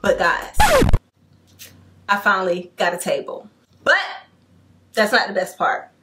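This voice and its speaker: A young woman vlogs to her viewers in an eager, talkative rush, full of casual slang and asides. Her voice sits at an ordinary middle pitch for a woman. Soft music plays faintly behind her. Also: unhurried. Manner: excited, chatty and slangy, addresses viewers as y'all. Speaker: home decor vlogger. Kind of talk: casual vlog storytelling to camera.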